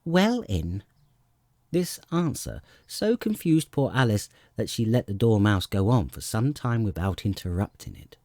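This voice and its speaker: A man narrating a storybook audiobook in an expressive storytelling manner, close to the mic. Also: on the low side, moderate pace, hardly any pauses, no room sound.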